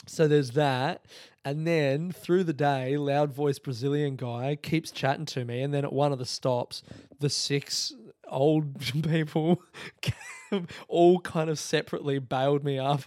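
A man's voice: a little high, steady tone, a little slow, darkish tone, no echo, clean studio sound. A man hosting a podcast, telling a story in a casual monologue, swearing a lot and laughing as he talks. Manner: swearing, storytelling, quotes others in voices; laughs through his stories. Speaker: podcast host.

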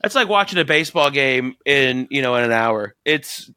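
A man co-hosting a podcast in casual chat, excitable and profane, rambling with lots of fillers. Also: mid-range voice, normal speed, smooth, dry recording. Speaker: podcast co-host.

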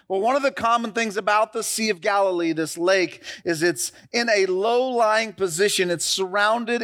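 A middle-aged male pastor with a notably high voice delivers a sermon to his congregation. He retells scripture stories and throws call-and-response questions back at the room. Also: fairly bright tone.

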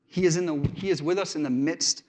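A man's voice: on the high side, brisk, a little mellow. A male pastor giving a sermon, telling stories from his family life in an earnest, conversational way.

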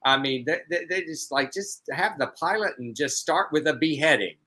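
A man's voice: fairly high pitch, lively intonation, normal speed, pushed and bright, husky. A man co-hosting a podcast, chatting casually in a rambling, hesitant way with lots of fillers. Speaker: podcast co-host. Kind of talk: casual chat.

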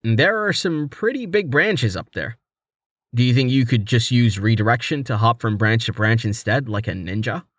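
A man's voice: medium pitch, animated, normal speed, fairly bright tone, no echo, studio quality. A man voicing a playful young male adventurer in armor, in a casual, everyday voice. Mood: joking.

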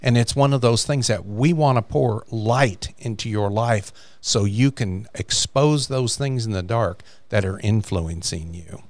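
A man's voice: on the low side, a little slow, hardly any pauses, dry recording. A man co-hosting a faith podcast, earnestly retelling a story from a book in casual chat. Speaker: podcast co-host.

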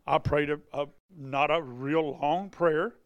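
A revival preacher speaks slowly in a voice on the high side with fairly even intonation, and the recording has its highs cut off. He shares healing testimonies from the pulpit in a homespun, conversational way, often repeating himself and starting over.

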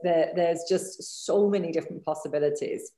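A woman's voice: on the low side, normal speed, warm tone. A woman hosting a podcast interview, talking in an affirming, encouraging way. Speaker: podcast host. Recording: echoey room.

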